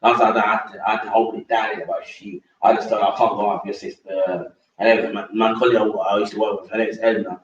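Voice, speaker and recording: A man's voice: lowish voice, flat delivery, quick pace. A man ranting casually to camera, rambling and repetitive, with crude slang and many stammered restarts. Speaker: vlogger. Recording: roomy, distant and dull.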